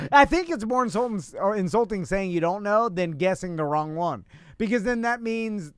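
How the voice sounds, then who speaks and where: A man's voice: high-pitched, expressive, moderate pace, clear, resonant tone, no room sound. A man co-hosting a podcast in casual chat, laughing often and rambling with lots of "yeah, yeah". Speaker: podcast co-host.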